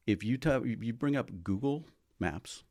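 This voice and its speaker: A school resource officer talking casually on a podcast, explaining things step by step and often checking in with "right?". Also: male voice, mid-range voice, animated, slow, creaky, darkish tone.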